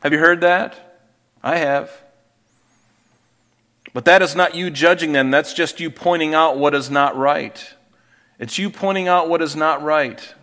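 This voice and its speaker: A man's voice: a little high, unhurried, pauses often, pushed and bright. A middle-aged man preaching a sermon in a conversational way, asking rhetorical questions and restarting his sentences. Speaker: pastor.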